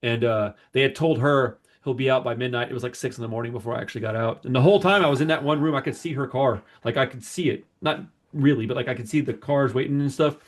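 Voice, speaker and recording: A man's voice: medium pitch, quick pace, few pauses. A man on a podcast telling a long personal story in casual chat, rambling and acting out the people he quotes. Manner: rambling, animated retelling with quoted voices. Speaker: podcast host.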